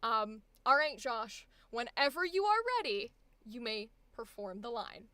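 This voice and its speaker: A woman's voice: a little high, animated, measured pace, sharp tone, no echo. A young woman coaching voice acting on a live stream, chatty and exclamatory with frequent laughter.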